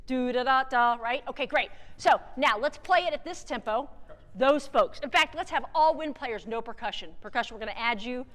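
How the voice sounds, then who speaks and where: A woman's voice: sits high, lively intonation, brisk, a bit bright. A woman leading a school wind band rehearsal, singing rhythms on syllables and counting the players in. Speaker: band clinician. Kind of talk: rehearsal instruction. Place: theatre stage with a wind band. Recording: long theatre reverb with band playing.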